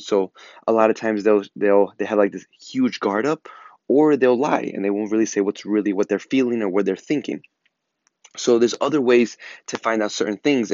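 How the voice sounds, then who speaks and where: Earnest low-voiced man giving advice. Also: darkish tone, no echo, dull audio. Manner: earnest, repeats words, fillers "like". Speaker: podcast host. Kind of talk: casual advice monologue.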